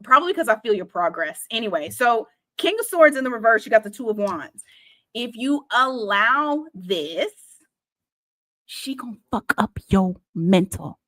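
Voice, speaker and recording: A woman's voice: a little high, lively intonation, a bit bright. Blunt, laughing tarot reader woman. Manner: blunt, swears freely, laughs often, slows to stress advice. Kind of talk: casual tarot reading to camera.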